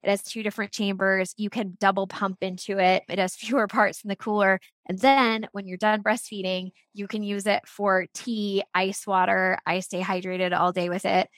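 Brief: middle-aged woman, chatty storyteller, mid pitch, very dry close recording. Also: level tone, normal speed, few pauses, dry recording. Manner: chatty storytelling with laughs and restarts. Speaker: guest, product founder. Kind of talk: casual interview chat.

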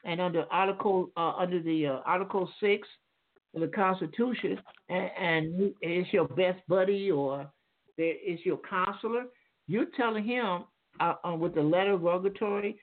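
Guy on a phone line rambling thru an explanation, kinda high voice, lecturing. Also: normal speed. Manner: lecturing, rambling with many restarts. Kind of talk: call-in radio explanation.

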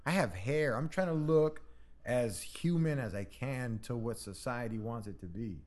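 A man who is a comedian, a guest on a podcast, telling animated stories with laughs and acted-out quotes. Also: medium pitch, normal speed. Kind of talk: casual chat.

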